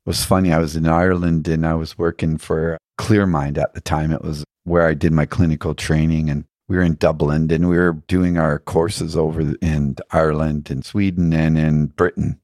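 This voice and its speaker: A man's voice: extremely low pitch, level tone, normal speed, darkish tone, no echo, clean studio sound. A man telling reflective spiritual stories as an interview guest, earnest and musing, often putting questions to himself.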